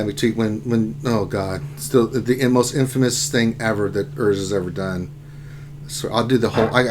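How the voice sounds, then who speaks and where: A man hosting a casual gaming livestream, talking through his game, with loud exclamations and laughter. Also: medium pitch, noisy background. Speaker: livestream host.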